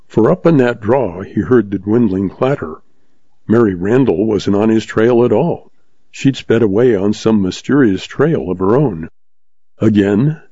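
Male audiobook narrator, steady western read, low and warm, dry lo-fi sound. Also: breathy edge, dry recording. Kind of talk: scripted narration of a western novel. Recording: dull lo-fi dry recording.

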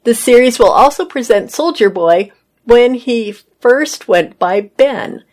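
A woman's voice: a little high, animated, takes it slowly, darkish tone. A woman reading entertainment news articles aloud as a host, adding casual asides of her own. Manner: reads articles then adds casual personal comments.

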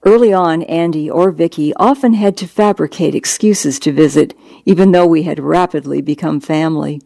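A hospice doctor reading a memoir aloud in a calm, measured, reassuring way. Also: mid-range voice, creaky, dry recording, clean studio sound. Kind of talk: audiobook memoir narration.

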